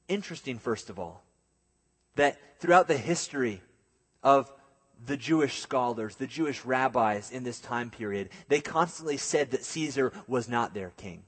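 A man's voice: medium pitch, animated, normal speed, fairly bright tone, husky, in a large hall. A man preaching a sermon. He reads scripture aloud and then explains it, sometimes acting out the voices of people in the story.

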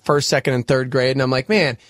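A man's voice: mid-range voice, monotone, fast talker, dry recording, studio quality. A man co-hosting a morning radio show, joking and reading out listener texts in casual banter. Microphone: studio microphone.

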